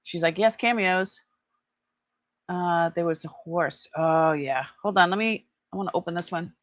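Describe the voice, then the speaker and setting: A middle-aged woman chatting casually during an online jewelry sale, trailing off with fillers and switching to high cooing baby talk with her pet. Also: moderate pace, no room sound. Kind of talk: casual live-sale chat.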